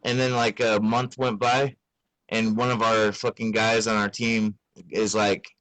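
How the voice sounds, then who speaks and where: A man's voice: lowish voice, level tone, measured pace, fairly bright tone, dry recording, poor audio. A young adult man hosting a podcast in casual chat, laid-back, swearing a lot and laughing often. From Utah. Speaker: podcast host.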